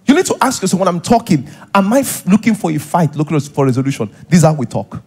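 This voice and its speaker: A man's voice: high-pitched, big pitch swings, quick pace, darkish tone, husky. A man with a Nigerian accent, a pastor preaching a sermon in a church, acting out little scenes and repeating points for emphasis. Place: church hall.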